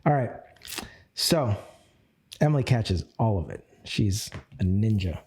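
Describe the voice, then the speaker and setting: A man leading a live group coaching session, energetic and animated, acting out phone calls and shifting his speed and tone as he teaches. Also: on the low side, unhurried, breathy edge. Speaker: network marketing coach.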